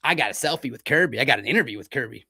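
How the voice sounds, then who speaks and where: A pushy drunk guy heckling across a bar, as a man puts him on, loud and taunting with sloppy come-ons. The voice stays close to the man's own mid-range pitch. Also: animated, rapid-fire, slightly rough, exaggerated voice.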